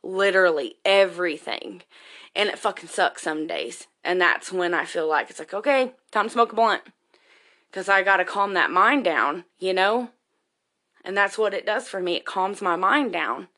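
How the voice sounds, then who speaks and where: A woman's voice: medium pitch, moderate pace, sharp tone. A woman, a single mother, talking candidly and emotionally in a rambling personal monologue, swearing freely.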